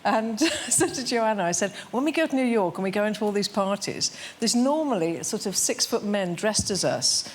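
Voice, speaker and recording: A woman's voice: mid-range voice, expressive, moderate pace, hardly any pauses, slight background noise. A woman guest on a talk show telling a comic anecdote, laughing often and quoting others in funny voices.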